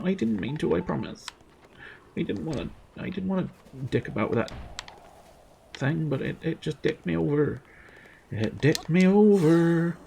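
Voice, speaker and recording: A man's voice: mid-range voice, creaky, darkish tone, slight background noise. A young man streaming a video game, chatting casually and breaking into silly made-up rhymes and jingles. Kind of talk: casual gameplay commentary.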